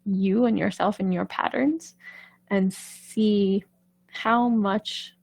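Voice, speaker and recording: A woman coaching singers in a relaxed live-stream chat, her voice carrying a gravelly fry. She is chatty and reassuring, often checking in with the listener. The sound is close and dry, with no room around it. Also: medium pitch, slow, no echo. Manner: chatty, reassuring, keeps asking "right?". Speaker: vocal coach.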